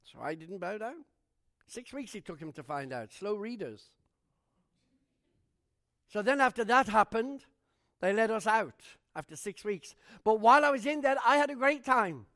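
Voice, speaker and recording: Casual: guy pastor with a high voice preaching, tells stories and does everyone's lines, gets loud then drops low. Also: moderate pace, pauses often. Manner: animated preacher acting out quoted voices. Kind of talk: storytelling sermon.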